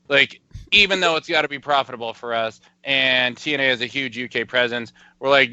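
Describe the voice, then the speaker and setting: Bright, profane ranting man. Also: medium pitch, animated, brisk, dry recording, muffled recording. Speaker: podcast co-host. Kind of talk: casual wrestling talk.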